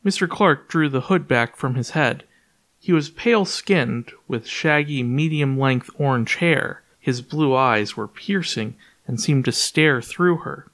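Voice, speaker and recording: A man reading his own story aloud as a podcast narrator in a clear, even storytelling manner. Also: mid-range voice, unhurried. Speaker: author and podcast reader. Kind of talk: audiobook narration.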